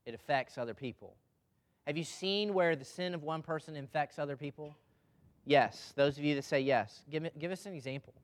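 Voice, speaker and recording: A man's voice: on the high side, fairly quick. Conversational man preaching a sermon. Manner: conversational, asks the congregation questions.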